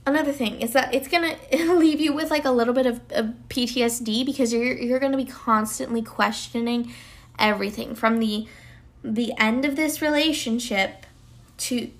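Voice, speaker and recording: A woman's voice: fairly high pitch, normal speed. Chatty young woman with lots of fillers. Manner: rambling, many "like" fillers and restarts. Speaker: podcast host. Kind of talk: casual solo podcast talk.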